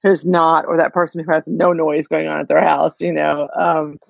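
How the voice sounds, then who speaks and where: A woman's voice: low voice, normal speed, gravelly. Chatty woman on a dull-sounding line. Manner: chatty and animated storyteller. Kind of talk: casual chat.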